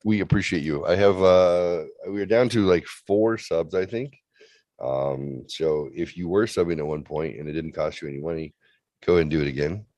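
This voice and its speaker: A man's voice: deep voice, moderate pace, a little mellow, no echo, muffled recording. A man co-hosting a comedy show over a remote call, telling a bawdy story and acting out the other people's lines with playful relish. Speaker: co-host. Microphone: remote video call.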